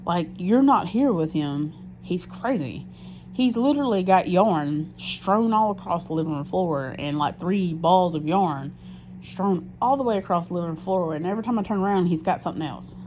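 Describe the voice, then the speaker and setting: A woman with a low voice talks through a rambling, candid diary entry, swearing freely and circling back on herself with fillers. The sound is muffled and lo-fi. A steady hiss of background noise runs under her. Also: normal speed. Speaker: diary vlogger. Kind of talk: casual confessional diary talk.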